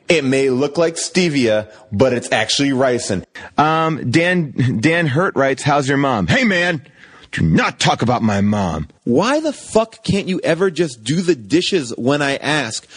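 A man hosts a comic question-and-answer bit, sarcastic and goofy. His voice sits a bit high and leaps wildly up and down as he jokes. The sound is dry and close, with no room around it. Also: very animated, unhurried, slightly rough, no echo. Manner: joking, sarcastic, with sudden swings of pitch. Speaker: podcast host. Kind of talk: comedic Q and A segment.

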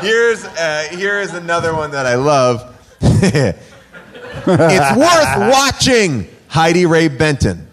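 A man's voice: fairly high pitch, a little slow, fairly bright tone, slight background noise. A man co-hosting a comedy podcast, reading reviews aloud with sarcasm and frequent laughter. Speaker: podcast co-host.

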